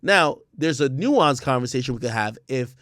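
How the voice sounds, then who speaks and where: A man's voice: medium pitch, animated, moderate pace, a bit bright, no echo, clean studio sound. A man giving casual livestream commentary, emphatic and profane, often repeating words and restarting sentences. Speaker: streamer and commentator.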